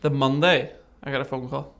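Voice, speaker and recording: Gravelly man telling a story. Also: mid-range voice, moderate pace. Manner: animated, acts out remembered dialogue. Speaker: podcast guest. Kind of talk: casual storytelling interview.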